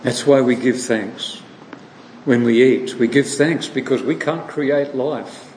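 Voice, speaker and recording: A man preaching in a slow, measured cadence, putting questions to his listeners and then answering them. His voice rings through a roomy church hall with a long reverb tail and a faint hiss underneath. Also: mid-range voice, darkish tone. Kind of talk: sermon.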